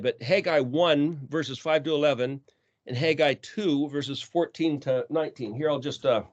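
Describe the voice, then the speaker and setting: A man teaching scripture in an earnest way, asking many rhetorical questions. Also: medium pitch. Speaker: teacher of a scripture study call. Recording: dull lo-fi sound.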